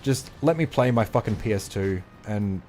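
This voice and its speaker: In casual chat while he plays, a breathless male streamer rambles and gives strong opinions, full of fillers and some swearing. His voice is low-ish and mellow with lively intonation at normal speed, over slight background noise.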